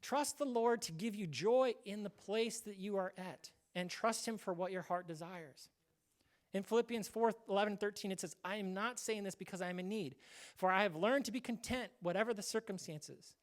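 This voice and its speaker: A man's voice: high voice, normal speed. A male pastor giving a casual, conversational sermon, acting out short quoted voices now and then.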